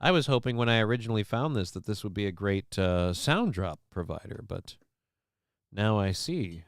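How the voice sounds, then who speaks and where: A man's voice: fairly low pitch, lively intonation, normal speed, no echo. A man hosting a commentary show, rambling casually with many fillers and frequent swearing. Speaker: show host.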